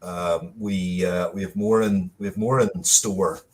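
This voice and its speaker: A man's voice: low-pitched, fairly even intonation, unhurried. A man producing an audio drama, chatting casually and rambling, stopping often with fillers and restarts. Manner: rambling, hesitant, with many fillers. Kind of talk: casual live-stream chat.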